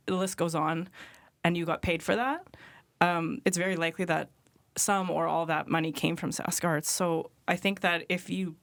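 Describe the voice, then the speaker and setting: A woman's voice: fairly low pitch, no room sound. A woman who is an artist and arts administrator, speaking earnestly with many fillers in a panel discussion.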